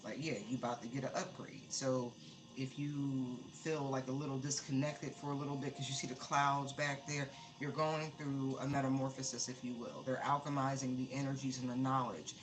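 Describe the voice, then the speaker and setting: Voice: medium pitch, level tone, moderate pace, background noise. A tarot reader giving a casual, emphatic live-streamed reading, often repeating words for stress.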